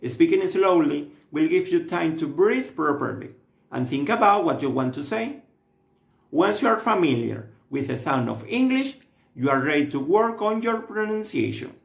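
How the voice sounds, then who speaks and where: Guy reading out a language lesson, fairly high voice with some gravel in it, echoey room. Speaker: language teacher. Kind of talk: scripted narration. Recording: roomy echo.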